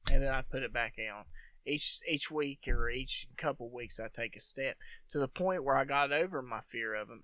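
A man's voice: medium pitch, dry recording. A man telling a long story in a casual, profane chat, acting out what people said. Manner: profane, animated storyteller who acts out quotes.

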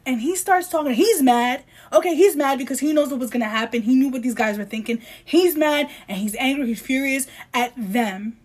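A woman co-hosting a casual podcast chat, ranting in a heated, emphatic way and reading quotes aloud in mock voices. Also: sits high. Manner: heated, emphatic, rapid ranting with apologies for shouting. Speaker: podcast co-host.

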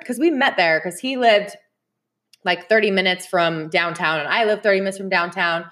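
A woman in casual chat, speaking directly to her listeners as a podcast host. She talks at a mid pitch, rambles a little, and laughs often as she tells stories. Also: lively intonation, moderate pace, fairly bright tone. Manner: chatty, laughs often while telling stories.

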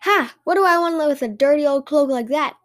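A cheeky little trickster boy, loud and boastful, teasing with a bright, high voice, as a woman puts him on for a storybook reading. He sounds sure of himself and full of mischief. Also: fairly quick, close to an everyday voice.

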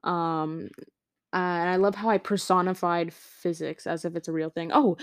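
A woman's voice: lowish voice, normal speed, darkish tone, dry recording, studio quality. A tired teenage girl hosting her own podcast from her bed at home, rambling casually with lots of fillers and giggles. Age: teens. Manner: rambling, giggly, many fillers and self-interruptions. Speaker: podcast host. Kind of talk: casual chat. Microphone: home podcast mic.

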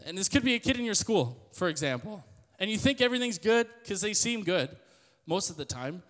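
A young man giving a loud, joking youth sermon to an audience in a church hall. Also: high voice, very animated, a little fast. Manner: loud, joking, self-deprecating storyteller. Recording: long hall reverb.

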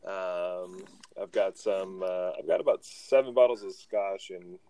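A man hosting a podcast in casual chat, relaxed and full of fillers as he leads into segments. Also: deep voice, measured pace, slight background noise. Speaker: podcast host.

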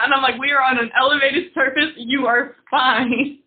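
A young woman with a high voice chats on a podcast, spinning an animated story and breaking into laughter as she acts out her friends. Her voice comes through thin and tinny, like over a phone line. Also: a little slow. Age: young adult. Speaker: podcast co-host. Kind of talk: casual chat.

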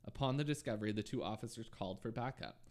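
A man hosting a podcast, narrating a true crime case in a relaxed way with frequent ums and asides. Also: lowish voice, fast. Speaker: podcast host.

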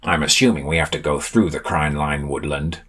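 A man's voice: very deep voice, steady tone, normal speed, fairly bright tone, breathy edge, voice pushed down, heavily acted. A man voicing a level-headed, puzzled young man who asks dry, questioning remarks.

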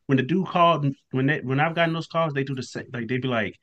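A man's voice: medium pitch, fast, a bit bright, highs cut off. A man co-hosting a casual podcast, reacting bluntly and in disbelief to a story. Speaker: podcast co-host. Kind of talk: casual chat.

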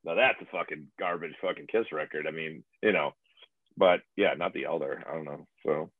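A man in his late forties talking in a rambling, excitable way, swearing freely in casual chat. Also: extremely low pitch, fairly quick, dry recording. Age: late 40s. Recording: tinny phone line.

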